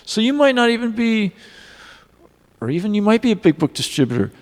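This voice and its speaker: A man giving a devotional class in a temple hall, telling personal stories in an earnest, animated way. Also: high voice, a little fast. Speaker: class speaker. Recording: long reverb of a hall.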